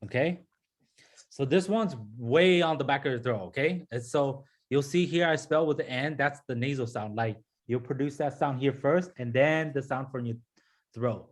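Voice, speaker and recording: A male language teacher with a medium-pitched voice runs a pronunciation class at normal speed. He patiently repeats each sound and keeps asking "okay?" and "right?" to check on his students.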